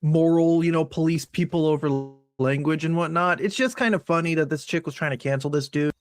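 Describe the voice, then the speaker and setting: A man's voice: a little high, a little fast. A man narrating scripted commentary in a wry, matter-of-fact way. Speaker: YouTube commentator.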